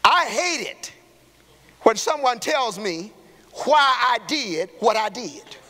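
In a church sanctuary, a man preaches with a very high, bright, forceful voice, and a long hall reverb trails every phrase. He speaks slowly but is very animated, calling out to the congregation and rising to shouts in call-and-response style.

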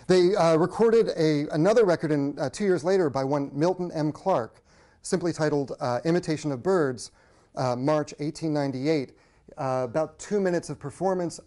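A man from the United States giving a public lecture on old recordings, talking conversationally with frequent pauses. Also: on the high side, a little mellow.

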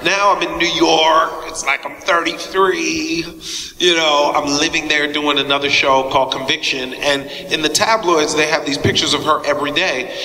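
A man's voice: a little high, steady tone, moderate pace, pushed and bright. A middle-aged man, an actor being interviewed, telling stories in a chatty way and laughing often. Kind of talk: animated anecdote telling. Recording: echoey hall with faint noise.

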